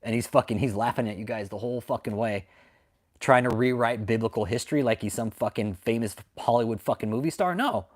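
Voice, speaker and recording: A man hosting a livestream, ranting angrily and swearing, with sudden loud outbursts as he answers the chat. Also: medium pitch, a little fast. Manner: reads and answers live chat. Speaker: livestream host. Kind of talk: profane livestream commentary.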